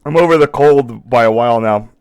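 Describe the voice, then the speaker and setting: A man running a live stream rambles through casual commentary, interrupting himself mid-thought and apologizing occasionally. His brisk, medium-pitched voice is a little mellow with a clean tone, though slightly worn because he's losing it. The recording is dry.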